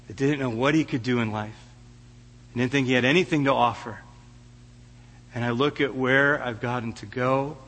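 A man's voice: medium pitch, fairly even intonation, normal speed, a bit bright, a little hiss or hum. Emotional male preacher in a reverberant church. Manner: emotional, stammering restarts. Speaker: guest preacher. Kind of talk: sermon. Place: church sanctuary.

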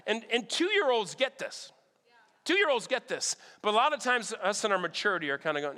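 High, bright-voiced man preaching with stories. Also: normal speed. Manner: animated, checks in with "all right?" often. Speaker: pastor. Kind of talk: storytelling sermon. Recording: long hall reverb.

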